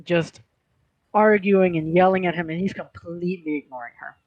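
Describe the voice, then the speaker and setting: A man's voice: sits high, moderate pace, dry recording, dull audio. A man narrating a tabletop game as game master in a casual, rambling way with many filler words.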